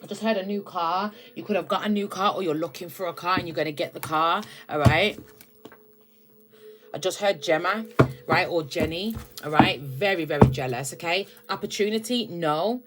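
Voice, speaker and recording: A woman's voice: fairly low pitch, animated, moderate pace, noisy background. A woman with a British accent giving a casual spiritual tarot reading, talking straight to her viewers and often checking in with "all right?". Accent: British English. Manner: chatty, keeps asking "all right?" and "okay?". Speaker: tarot reader.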